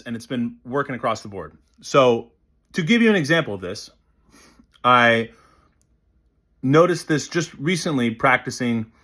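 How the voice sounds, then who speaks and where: A man teaching voice technique in a casual, animated way, who demonstrates sounds and sings short snippets. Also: medium pitch. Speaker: voice coach. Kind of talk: casual instructional talk.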